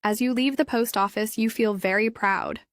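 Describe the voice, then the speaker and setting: A woman calmly narrating a story for English learners in clear, evenly paced scripted narration. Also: on the high side, normal speed, dry recording, studio quality.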